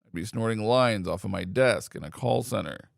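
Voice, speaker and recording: A man reading online posts aloud in steady, scripted narration. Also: fairly low pitch, normal speed, creaky, no room sound, studio quality. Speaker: story reader.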